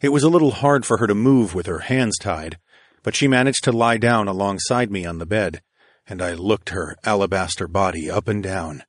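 A man reading a romance audiobook in a very deep, husky voice, slow and intimate. The recording is dry and close-miked, with no room sound at all. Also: dry recording. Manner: slow, intimate, steady storytelling. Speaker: audiobook narrator. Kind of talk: first-person erotic audiobook narration.

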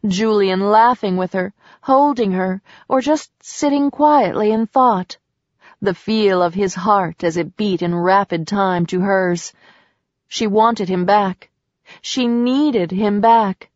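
Slow, soft-spoken woman narrator. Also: medium pitch, no echo. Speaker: audiobook narrator. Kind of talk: scripted narration of a romance novel. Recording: slightly dull dry recording.

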